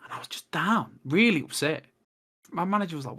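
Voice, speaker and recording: A man's high, husky voice moves at a fairly quick clip as he guests on a casual podcast. He spins long, wandering stories, voicing what others said with lively energy.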